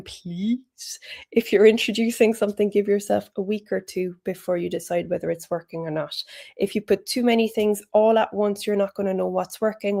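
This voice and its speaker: A woman's voice: mid-range voice, a little mellow. Chatty woman giving health tips. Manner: chatty and encouraging, with British slang. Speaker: health educator. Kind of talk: informal health talk.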